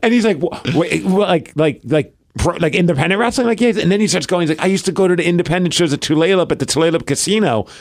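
A man's voice: sits high, fast, few pauses. A man in his forties, co-hosting a podcast and telling a story in casual chat, acting out the lines he quotes. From US Pacific Northwest. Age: 40s. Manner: animated storyteller, acts out quotes. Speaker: podcast co-host.

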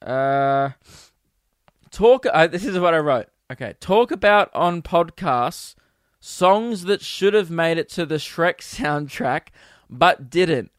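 A man's voice: a little high, dry recording. Crude, self-amused Australian man, dry sound. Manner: crude, self-amused, rambling with fillers and loud outbursts. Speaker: comedian podcast host. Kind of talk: casual storytelling monologue.

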